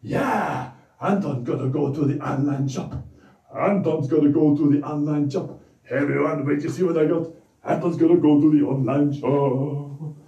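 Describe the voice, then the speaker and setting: A man putting on a voice for an excitable, boastful male character who speaks in childlike broken phrases and calls himself by name. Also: on the high side, moderate pace, dull audio, lightly acted. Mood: boastful excited. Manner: talks about himself in the third person, loud and gushing. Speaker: regular character of a children's Bible show. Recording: roomy echo, distant mic.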